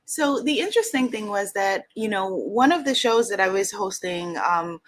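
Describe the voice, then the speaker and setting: A woman from New York, a guest author and coach, telling a personal story in an interview, animated and often laughing. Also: medium pitch, normal speed. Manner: animated, laughs often, acts out quoted voices.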